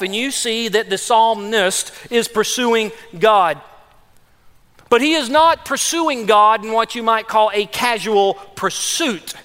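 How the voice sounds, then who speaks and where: A man's voice: high-pitched, fairly bright tone, smooth, big-room sound. A man preaching a conversational sermon as pastor, acting out the psalmist's pleading words. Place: church sanctuary.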